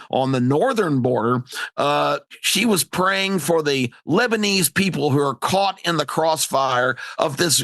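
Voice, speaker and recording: A man's voice: fairly high pitch, gravelly, a bit bright, no echo, studio quality. A man hosting talk radio, delivering an emphatic, indignant opinion monologue.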